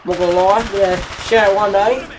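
Teen, English accent, rambling gameplay commentary, mid-pitched, chatty, giggly asides. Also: fairly even intonation, normal speed, noisy background. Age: late teens. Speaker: gaming channel host.

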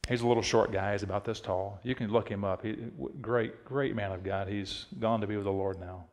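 Middle-aged preacher in a reverberant sanctuary. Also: male voice, on the low side, fairly even intonation, brisk. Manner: storytelling, swells to emphatic shouted peaks. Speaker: pastor. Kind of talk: sermon. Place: church sanctuary.

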